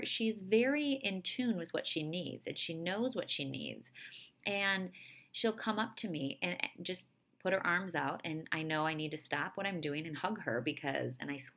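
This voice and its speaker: A woman in her thirties hosting a podcast, talking earnestly and confidingly about her own life and parenting, slowing down to soften key points. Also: fairly low pitch. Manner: earnest, confiding, with soft slowed emphasis. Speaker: podcast host. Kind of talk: personal reflective monologue.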